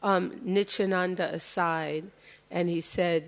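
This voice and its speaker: A woman's voice: fairly low pitch, slow. A woman giving a sermon, telling a sacred story and acting out what the people in it say. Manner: retells scripture as lively story, acting out quotes. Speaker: temple speaker.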